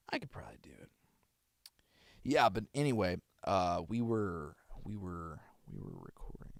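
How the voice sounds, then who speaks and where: Man, deep voice, gravelly, lively pitch, rambling stream chat. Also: a little slow, dry recording. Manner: rambling, chatting with viewers. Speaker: voice actor streamer. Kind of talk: casual live-stream chat.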